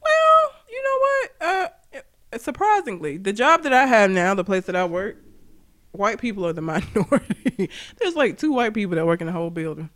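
A woman's voice: medium pitch, sing-song, normal speed. A woman from Alabama co-hosting a casual podcast, blunt and profane, laughing often as she talks. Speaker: podcast co-host. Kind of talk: casual chat.

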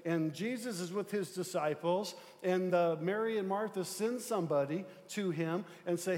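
With a high-pitched, darkish voice at normal speed and almost no pauses, a pastor gives a chatty sermon, often using fillers and checking in with his listeners. The hall reverb is long.

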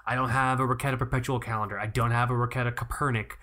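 A man's voice: mid-range voice, flat delivery, very fast, bright, forceful tone. Brief: young guy, podcast co-host, loose and rambling, drops swear words, stacks up filler words. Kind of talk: casual chat.

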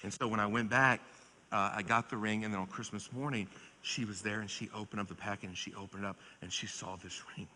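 A man in his forties preaching a revival sermon, swinging between loud exhortation and quiet storytelling. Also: medium pitch, a little fast, slight background noise. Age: 40s. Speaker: pastor. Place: large church sanctuary. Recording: long church hall reverb.

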